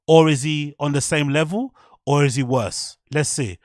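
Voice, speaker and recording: A British man running a livestream, reacting on the fly in a blunt, rambling way with plenty of swearing. His voice sits a bit high for a man. The sound is dry and close, with no room around it. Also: moderate pace, no room sound. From United Kingdom. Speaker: livestream host.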